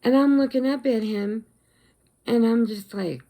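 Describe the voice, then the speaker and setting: A middle-aged woman telling a story casually in her vlog, chatty and animated, acting out the quotes. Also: on the high side, measured pace. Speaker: vlogger.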